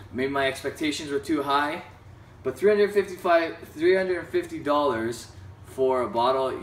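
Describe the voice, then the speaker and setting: A man's voice: medium pitch, a bit bright, slight background noise. A young adult man hosting a casual whisky review, talking frankly with lots of ums and hesitant restarts. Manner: frank, hesitant with many ums, apologetic asides. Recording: roomy, slightly distant mic with faint ambience.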